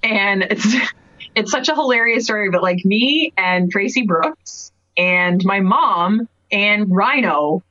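A woman in her thirties from Cape Breton, telling stories casually in an interview, full of "like"s and quick laughs. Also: mid-range voice, expressive, pushed and bright, no room sound. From Canada, Cape Breton. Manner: chatty storyteller, many "like"s, laughs often. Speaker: guest wrestler. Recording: dry, dull lo-fi podcast audio.

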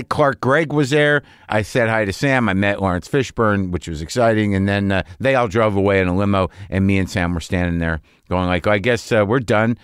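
A man's voice: mid-range voice, smooth, dry recording, clean studio sound. A middle-aged man hosting a podcast, talking through a rambling, profane casual monologue full of restarts and trailing thoughts. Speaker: podcast host.

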